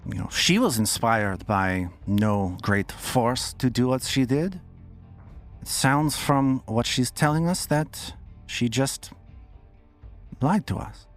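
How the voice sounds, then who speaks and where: A man voicing a cold, calculating male character who speaks in slow, formal sentences. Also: mid-range voice, faint music behind, close to an everyday voice. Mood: coldly measured. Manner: slow, measured, formal diction.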